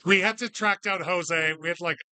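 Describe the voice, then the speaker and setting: High-voiced sarcastic male bingo host. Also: normal speed, sharp tone. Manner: sarcastic, joking, loose and profane. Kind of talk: casual live hosting with banter. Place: bar, live event.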